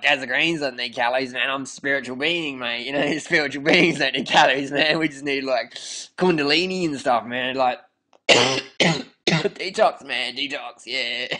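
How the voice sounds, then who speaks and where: A man's voice: mid-range voice, bright, forceful tone. A young man rambling in a laid-back, slang-heavy comedic monologue and laughing between phrases. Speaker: comic persona of a raw-food devotee.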